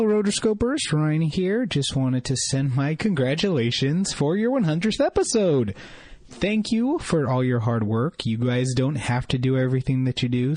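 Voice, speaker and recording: A man's voice: mid-range voice, darkish tone, dry recording. Guy leaving a thank-you message, sincere, kinda emotional, dry close sound. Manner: earnest, a little choked up. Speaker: listener leaving a voicemail. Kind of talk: recorded listener message.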